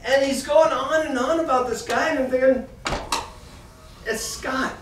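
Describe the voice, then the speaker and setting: A man teaching a children's church class, reading a Bible passage and then explaining it to the kids in a lively storytelling way. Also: very high voice, a little fast. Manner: animated storyteller, reads scripture then talks directly to the kids. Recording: echoey room from far off, faint noise.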